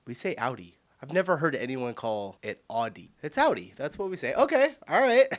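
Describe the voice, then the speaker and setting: A man's voice: a little high, huge pitch swings, moderate pace. American man musing casually. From United States. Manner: musing, thinks aloud, trails off softly. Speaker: reaction video host. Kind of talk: casual reaction commentary.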